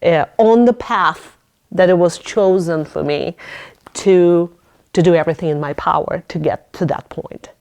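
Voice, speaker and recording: A woman with a lowish voice hosts a podcast, speaking unhurriedly in relaxed interview conversation. Her storytelling is animated and full of laughter, and she dramatizes her thoughts in a raised voice.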